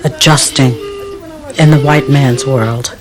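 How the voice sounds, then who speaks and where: A middle-aged woman from the United States telling family memories in theatrical memoir narration, with a slow, expressive delivery. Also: a bass voice, music in the background, low-quality recording. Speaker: performer recounting family memories.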